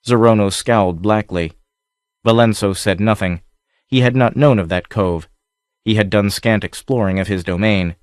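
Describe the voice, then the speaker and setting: Low-voiced male audiobook narrator. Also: moderate pace, clear, resonant tone, dry recording, studio quality. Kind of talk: scripted narration.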